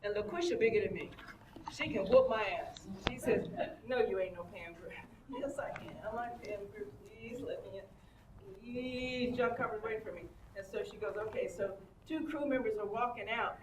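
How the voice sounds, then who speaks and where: A woman's voice: on the high side, moderate pace. An older woman at a convention panel, telling bawdy anecdotes with big laughs and acted-out voices. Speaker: panel guest. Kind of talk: animated storytelling with acted-out voices. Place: convention panel room with audience. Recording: roomy convention hall, distant, crowd noise.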